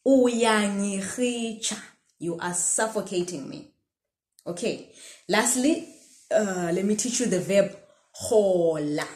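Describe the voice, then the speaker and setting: A woman's voice: lowish voice, expressive, slow, pauses often, darkish tone. A woman teaching a language lesson, patiently modelling sounds and having the listener repeat after her. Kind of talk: slow language lesson with repetition drills. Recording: roomy echo.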